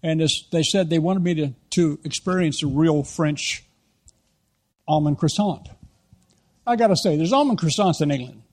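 An American man, middle-aged, preaching a sermon as an animated storyteller who acts out the lines he quotes. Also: on the high side, normal speed. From United States.

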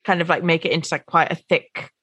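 A woman co-hosting a podcast, talking in a relaxed, conversational way. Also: low-pitched, fast, breathy edge, no echo. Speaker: podcast co-host. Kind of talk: casual chat.

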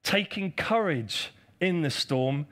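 A man with a fairly high, ringing voice preaches from the front of a church. He drills his key lines over and over, asks the congregation to answer back, and teases the people in the pews. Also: animated, slow, fairly bright tone. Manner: emphatic and repetitive, drilling key phrases; addresses the congregation directly, calls for responses and teases members. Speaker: pastor. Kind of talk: preaching a live sermon.

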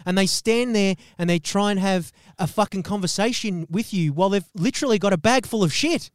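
A man's voice: sits high, fairly quick, no room sound, clean studio sound. A man co-hosting a podcast, delivering an exaggerated, profane comedic rant with bursts of laughter. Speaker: podcast co-host.

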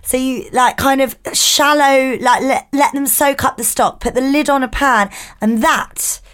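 A woman co-hosting a podcast, chatting casually and giving quick cooking tips. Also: high voice, fairly even intonation, a bit bright, smooth. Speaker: podcast co-host. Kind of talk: casual chat.

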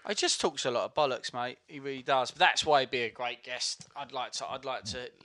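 A man's voice: medium pitch, a little fast, pushed and bright, no room sound, studio quality. A man co-hosting a casual podcast chat, giving wry, easygoing replies. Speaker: podcast co-host.

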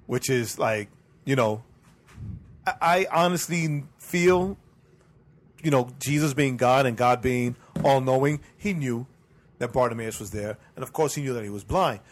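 A man's voice: medium pitch, measured pace. A male podcast co-host in a casual faith discussion. He keeps checking in with "right?" and circles back over his own phrases while he works out a thought. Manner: keeps tagging "right?", repeats himself while thinking.

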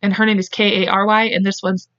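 A woman's voice: mid-range voice, flat delivery, fast, a bit bright, dry recording, highs cut off. A woman co-hosting a podcast, telling a true-crime case in a casual, profane, rambling way. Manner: profane, chatty, laughs and goes off on tangents. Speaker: podcast co-host.

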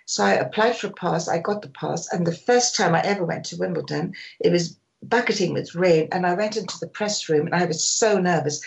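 Older woman telling lively stories. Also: on the low side, a little fast, vocal fry, few pauses, low-quality recording. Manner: animated storyteller, acts out quotes. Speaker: guest, sports photographer. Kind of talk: telling stories in a radio interview.

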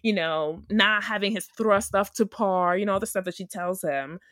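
Recorded dry with clean studio sound, this woman has a mid-range voice, a fairly bright tone and a normal speed. As a podcast co-host, she talks casually about a reality show and mimics people's lines in exaggerated voices.

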